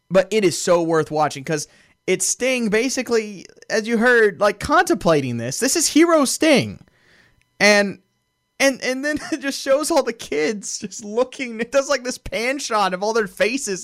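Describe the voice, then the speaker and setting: A man with a very high, somewhat bright voice co-hosts a podcast, recapping a show in a casual, animated way and laughing often. He talks at a normal speed, and the sound is clean studio audio with no room sound.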